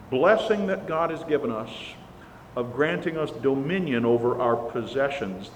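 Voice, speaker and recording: A man preaching a sermon in an earnest, emphatic way, pushing up hard on the words he stresses. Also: medium pitch. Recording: long reverb, faint background hiss.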